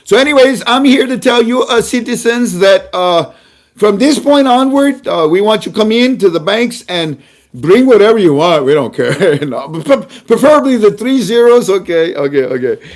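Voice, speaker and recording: A man's voice: animated, normal speed. A man doing a gloating bank governor. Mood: grandstanding. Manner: high, loud, theatrical announcer voice. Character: male central bank governor addressing citizens, pleased with himself.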